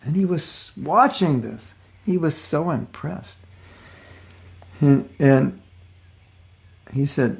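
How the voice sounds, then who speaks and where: Older male spiritual teacher, gravelly, chatty storyteller giving a casual class. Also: fairly high pitch, lively intonation, slow pace, pauses often. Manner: conversational storytelling, acts out voices of people in his stories. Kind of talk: casual devotional lecture.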